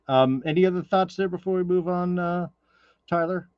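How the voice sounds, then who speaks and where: A man's voice: high voice, a little fast, dry recording. A man hosting a casual podcast discussion, talking in a thoughtful, rambling way with lots of fillers, recorded on a dull lo-fi mic. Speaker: podcast host.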